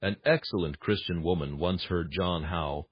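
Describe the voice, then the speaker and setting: A man with a husky voice reading a formal sermon text aloud in an earnest way, with dramatic swings in emphasis. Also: sits low, moderate pace, dry recording, dull audio. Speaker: reader of a classic sermon text. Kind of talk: formal read-aloud preaching.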